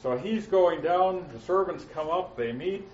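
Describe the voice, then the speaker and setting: A man's voice: high voice, darkish tone, a little hiss or hum. Guy doing a bible study lesson, lots of uhs, sounds off-mic and kinda muffled in an echoey room. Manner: frequent "uh" fillers, slows down to stress quoted phrases. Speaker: Bible teacher. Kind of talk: verse-by-verse Bible teaching. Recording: roomy, muffled, mic at a distance.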